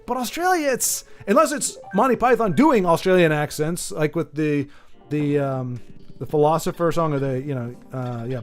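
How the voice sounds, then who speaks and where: An American man talks casually to his stream audience, starting sentences over and wandering between topics. His voice sits a touch higher than most men's. Faint music plays in the background. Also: expressive, moderate pace. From United States. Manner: rambling, many restarts, sympathetic. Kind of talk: casual chat with viewers.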